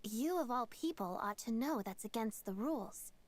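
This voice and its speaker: Fields: an actress voicing a hushed, aloof performer in whispered role-play. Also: female voice, fairly high pitch, lively intonation, normal speed, close to an everyday voice. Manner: hushed, curt, sighing. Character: aloof, weary young woman stage performer.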